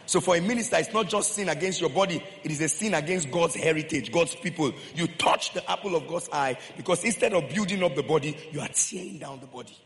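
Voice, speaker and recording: Emphatic pastor preaching in a reverberant hall. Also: male voice, a little high, quick pace, hardly any pauses, a bit bright. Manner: emphatic, repeats phrases, questions the congregation. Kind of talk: sermon. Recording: long hall reverb, faint room ambience.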